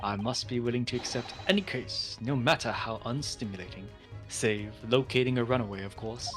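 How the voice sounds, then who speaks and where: A man's voice: medium pitch, brisk, a bit bright, faint music behind, lightly acted. A man reading game lines aloud as an eccentric, pompous male Victorian detective with a grand, theatrical delivery.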